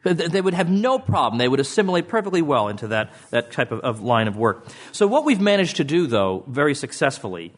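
A middle-aged man giving a speech to an audience as an author, with a sardonic, mocking tone and sudden jumps in pitch. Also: sing-song, brisk, few pauses.

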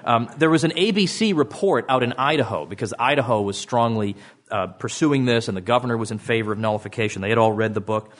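A middle-aged man speaks to an audience at a mid-range pitch. He lectures in a loose, conversational way. He tosses off mocking, sardonic asides with sudden leaps in pitch. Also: fast talker. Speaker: author giving a talk. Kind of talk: public speech to an audience.

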